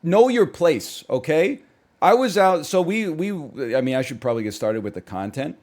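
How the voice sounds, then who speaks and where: A man's voice: on the high side, sing-song, normal speed, darkish tone. A man in his thirties from Canada, a streamer ranting in casual chat with sarcastic, mock-outraged asides.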